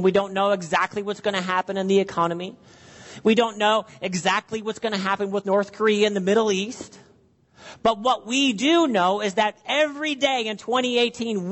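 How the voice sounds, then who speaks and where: A man's voice: sits high, fairly bright tone, in a large hall. A man preaching an earnest sermon, acting out worried questions and prayers to his listeners. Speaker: pastor.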